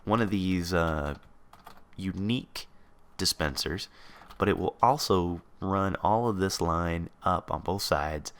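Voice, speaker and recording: Low-voiced man rambling over gameplay. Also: slow pace, fairly bright tone, clear, resonant tone. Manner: rambling, thinks aloud while building. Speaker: let's play host. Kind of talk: casual gameplay commentary.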